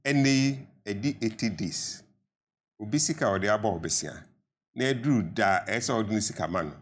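A man's voice: fairly low pitch, moderate pace. An older man with a Ghanaian accent, a pensioner guest in a studio panel debate, arguing earnestly and rising to emphatic appeals.

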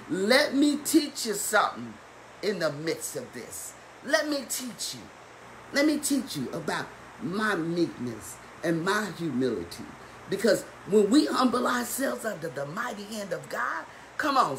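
A woman's voice: medium pitch, slight background noise, low-quality recording. A woman preaching at a Bible study, fervent and calling out to the congregation with rising exhortations. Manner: fervent call-and-response preaching, rising to shouts. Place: church or home, streamed live.

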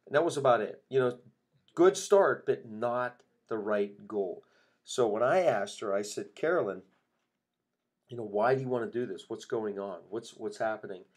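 A man's voice: on the low side, expressive, moderate pace, slightly rough. Man coaching fellow chiropractors, storytelling. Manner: storytelling, quoting patients and himself in dialogue. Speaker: chiropractor podcast host. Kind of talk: casual podcast talk with acted patient quotes.

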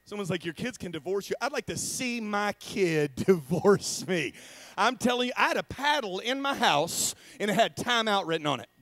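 A man preaching in a church as a traveling evangelist, telling comic stories with acted-out voices and sudden shouted bursts. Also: high voice, moderate pace, dry recording. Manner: animated, acts out voices with loud shouted bursts and laughter. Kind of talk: comedic sermon storytelling.

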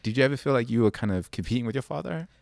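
Fast-talking British male host. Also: medium pitch, animated, creaky, no echo, clean studio sound. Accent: British English. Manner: thoughtful, many "like" and "kind of". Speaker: interview host. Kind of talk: conversational interview.

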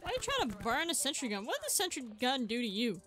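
A woman hosting a gaming channel, giving casual, excitable commentary over gameplay and mocking her opponents. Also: high-pitched, fast, soft background music. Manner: excitable, trash-talking opponents.

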